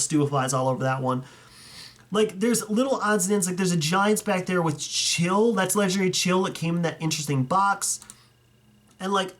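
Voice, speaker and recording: An enthusiastic young man with a fairly high voice, talking loosely and excitedly, often stopping to correct himself mid-sentence. His speech is casual and unscripted, like a friendly video commentary. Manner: chatty, enthusiastic, rambling with self-corrections. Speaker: YouTuber reviewing fan collections. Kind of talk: casual commentary over viewer photos.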